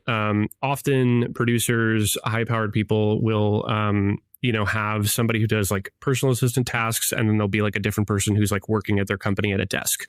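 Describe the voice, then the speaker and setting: A man's voice: lowish voice, dry recording, studio quality. A man in his thirties co-hosting a podcast, telling a long story in a chatty, rambling way with many fillers and self-corrections. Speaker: podcast co-host. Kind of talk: casual conversational storytelling.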